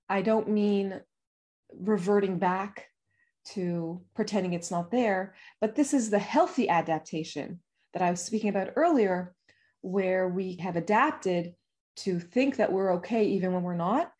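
A woman with a medium-pitched voice speaks gently and soothingly to parents. Her guidance is calm and reflective, with short pauses as she settles her thoughts. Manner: gentle, soothing, pausing to feel her emotions. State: emotional.

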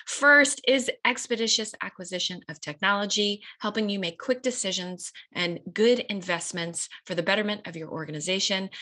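A woman's voice: lowish voice, bright, forceful tone. A woman reading a scripted business ad in a businesslike way. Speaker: ad reader. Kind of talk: scripted ad read.

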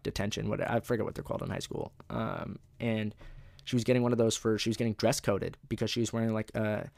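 A man's voice: fairly low pitch, vocal fry, dry recording, clean studio sound. A young man hosting a podcast, telling rambling, profane stories in a casual monologue and laughing at his own jokes. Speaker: podcast host.

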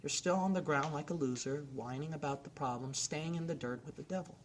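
A man's voice: fairly high pitch, fairly quick, slight background noise. A man preaching a sermon and leading an altar call, exhorting his listeners with repeated calls. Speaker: pastor.

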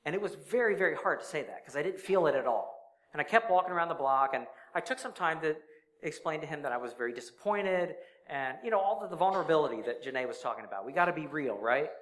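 Man, church speaker, slightly high voice, sincere personal storyteller, throat sore and dry. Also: animated, quick pace, a bit bright, poor audio. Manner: earnest, confessional storytelling. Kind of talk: personal testimony sermon.

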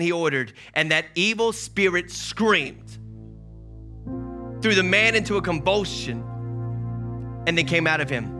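A man preaching a sermon as pastor, moving from hushed, quiet passages to loud, urgent calls. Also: high-pitched, lively intonation, unhurried, long pauses. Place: church service. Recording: loud music under the voice.

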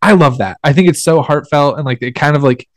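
A man's voice: on the high side, brisk, no room sound. A young man co-hosting a podcast, chatting casually about a film and peppering his talk with fillers. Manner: rambling, heavy with "like" fillers. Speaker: podcast co-host. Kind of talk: casual film review chat.

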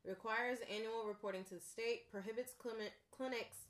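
A woman's voice: on the high side, steady tone, a little fast. A woman co-hosting a casual chat, rambling a bit and often saying "like". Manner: rambling, uses "like" a lot.

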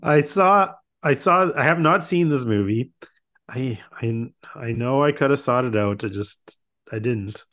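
A woman's voice: very deep voice, a little slow, a bit bright. A woman guesting on a film podcast, talking casually with giggles and mock exasperation.

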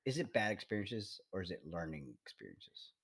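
Lively teasing man on a podcast. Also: low-pitched, fairly quick, vocal fry, breathy edge. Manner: teasing, profane, laughs often. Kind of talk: casual podcast banter.

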